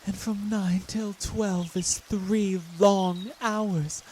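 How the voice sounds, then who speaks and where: A woman's voice: mid-range voice, fairly even intonation, very slow, mellow, a little hiss or hum. A young woman playing an impatient young girl in love, pleading and half-singing her verse over a hip hop beat. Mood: longing. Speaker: actor in a stage play. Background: hip hop music.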